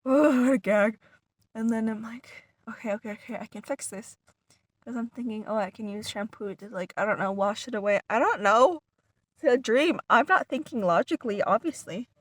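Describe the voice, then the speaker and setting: A woman's voice: on the high side, fairly quick, dry recording. A woman telling a long story casually to her viewers, rambling with many "like" fillers and restarts, sometimes dropping to a whisper. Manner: animated retelling, some words dropped to a whisper. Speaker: vlogger.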